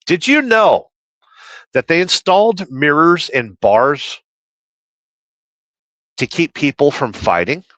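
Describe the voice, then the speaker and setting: A man's voice: on the high side, very animated, takes it slowly, pauses often, a bit bright, no room sound, poor audio. A man livestreaming while trucking, reading chat aloud and rambling through opinions in casual talk.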